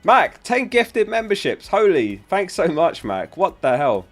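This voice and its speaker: A man's voice: high voice, big pitch swings, a little slow, soft background music. A young man hosting a casual livestream, chatty and giggly as he talks to his viewers from home. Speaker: livestream host. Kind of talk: casual live-stream chat.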